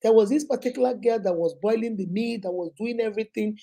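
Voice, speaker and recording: A Nigerian woman in her thirties hosting a casual live stream, chatting and greeting viewers by name, her voice going a little hoarse from a cold. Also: fairly high pitch, fast talker, mellow.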